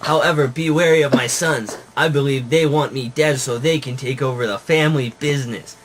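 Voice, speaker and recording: A man voicing an old male hedgehog mob boss in a put-on heavy Italian accent, slow and grave, on a noisy home recording. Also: medium pitch, natural voice.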